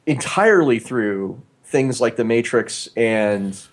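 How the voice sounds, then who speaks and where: A man's voice: mid-range voice, expressive, slow pace. Chatty man co-hosting a podcast. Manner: rambling, with many filler "uh"s and restarts. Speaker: podcast co-host. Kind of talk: casual chat. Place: small home studio. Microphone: new studio microphone.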